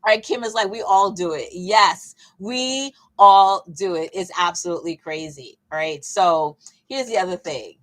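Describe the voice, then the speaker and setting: A woman coach leading a casual Bible teaching session, talking in a lively, conversational way with emphatic repeats and playful asides. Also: fairly low pitch, moderate pace, poor audio. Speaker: fitness coach and faith session leader.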